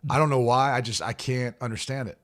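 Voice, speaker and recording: Sports radio co-host, man, mid-pitched, chatty animated storyteller. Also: quick pace. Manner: chatty, animated anecdotes with quoted voices. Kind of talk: casual sports talk. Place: radio studio.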